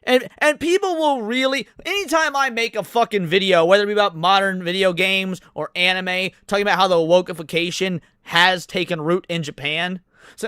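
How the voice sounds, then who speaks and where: A man's voice: high voice, a little fast, bright, forceful tone, clean tone, dry recording, clean studio sound. A man ranting in a heated, profane, sarcastic way, hosting commentary over game clips. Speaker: commentary host.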